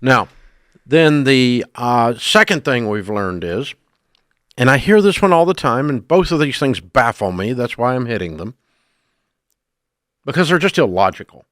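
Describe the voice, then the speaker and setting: A blunt middle-aged man hosts a radio advice show and scolds listeners with emphatic, punchy lines. His voice sits at an ordinary pitch. It is recorded dry and close on a studio mic. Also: very animated, measured pace, pauses often, fairly bright tone, dry recording. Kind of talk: call-in radio advice talk.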